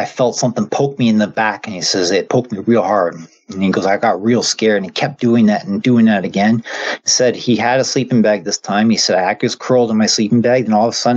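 A man with a fairly low voice casually retells a story he heard from someone else. He speaks in a halting way, stopping and restarting with many fillers. The recording sounds dull and lo-fi. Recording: dull lo-fi audio.

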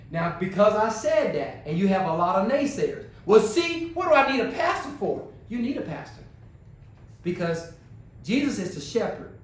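A male pastor preaching a sermon, swinging from low murmurs to high exclamations and firing rhetorical questions at the congregation. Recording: very echoey church hall, voice far from mic.

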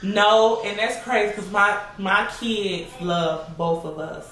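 A woman's voice: medium pitch, takes it slowly, a bit bright. A young woman vlogger answering viewers' questions in a casual, chatty way, laughing often and calling her audience y'all. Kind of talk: casual Q&A vlog. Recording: echoey room, mic a bit far, faint noise.

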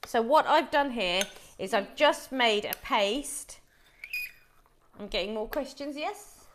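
A woman's voice: on the high side, animated, takes it slowly, background noise. Middle-aged woman host, cooking live on camera, friendly running explanation of each step. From Wolverhampton, England.

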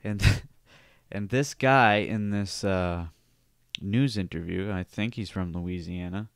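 A podcast host from Cape Breton in Canada, chatting in a rambling, wry and profane way. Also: male voice, fairly low pitch, takes it slowly, no room sound, studio quality. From Cape Breton Island, Canada. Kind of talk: casual podcast chat.

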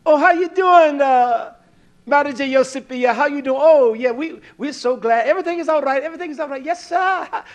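A man's voice: extremely high pitch, fairly quick, dull audio, pitched above the performer's own voice. A man voicing fawning schemers who heap syrupy praise on their boss. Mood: gushing. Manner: gushing, syrupy flattery.

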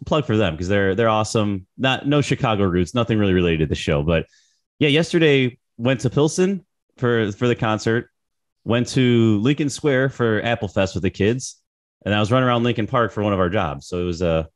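A man in his thirties co-hosting a podcast, slightly hoarse, chatting in a relaxed way and often repeating words. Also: lowish voice, fairly quick. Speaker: podcast co-host. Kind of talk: casual podcast chat.

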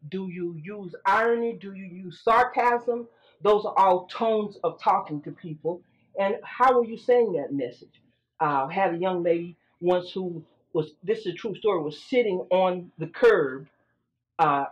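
A middle-aged woman lecturing a class in an earnest way. She tells stories and puts questions to her listeners. The recording is dull and lo-fi. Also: lowish voice.

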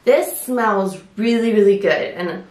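A woman's voice: mid-range voice, measured pace, a little mellow, roomy sound. A woman chatting casually through a beauty product review, a little winded, with many fillers and restarts. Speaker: beauty vlogger.

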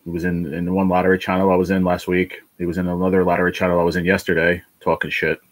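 A man's voice: low voice, monotone, rapid-fire, dry recording, poor audio. A man hosting a casual livestream chat, worn down by illness, rambling and swearing as he vents his frustrations. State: ill, worn down. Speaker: livestream host.

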